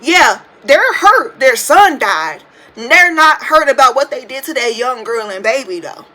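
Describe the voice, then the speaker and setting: A woman's voice: high voice, unhurried, low-quality recording. A woman in her twenties hosting a podcast, giving a casual, profane, slang-filled rant about a reality TV show. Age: 20s. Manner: animated, profane, ranting with slang. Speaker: podcast host. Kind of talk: casual reality TV commentary monologue. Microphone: phone.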